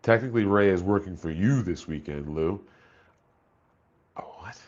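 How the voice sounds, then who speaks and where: A man's voice: low voice, moderate pace, darkish tone, highs cut off. A man chatting casually on a live stream, laid-back and profane, reading chat messages aloud.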